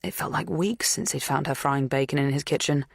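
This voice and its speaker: A woman narrating a suspense audiobook in a measured, even reading. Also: deep voice, creaky, no echo, clean studio sound. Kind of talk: scripted narration.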